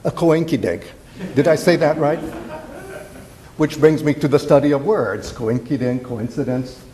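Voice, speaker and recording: A man's voice: mid-range voice, fairly even intonation, moderate pace, warm tone. An older man from Indiana giving a playful, digressive classics lecture at a symposium, full of fillers and restarts. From Indiana, USA. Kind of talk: symposium talk.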